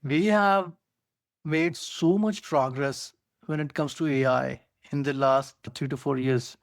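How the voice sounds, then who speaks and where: A man's voice: a little high, steady tone, slow pace, gravelly, no room sound, clean studio sound. A man with an Indian accent co-hosting a podcast, explaining technology eagerly with many "you know" fillers. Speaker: co-host. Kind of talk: casual tech podcast chat.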